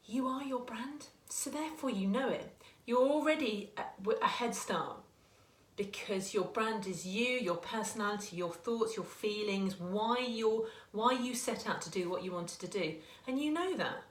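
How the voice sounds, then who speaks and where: A woman's voice: medium pitch, animated, unhurried. A woman in her forties, a small business owner, giving earnest, chatty advice to camera and often restarting her sentences. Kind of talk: casual talking-to-camera advice. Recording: echoey room.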